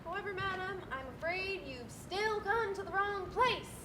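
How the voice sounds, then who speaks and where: A woman's voice: very high-pitched, animated, moderate pace, noisy background. A woman playing a harried, stiffly formal female bank manager in a live stage play, recorded on a school stage. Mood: exasperated. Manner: stiff, formal, increasingly exasperated. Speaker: stage actor.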